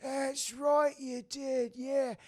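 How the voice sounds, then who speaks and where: A man voicing an ancient, half-blind male rat cabin boy who doddles and shouts in drawn-out, shrill phrases. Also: little pitch movement, heavily acted. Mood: excited.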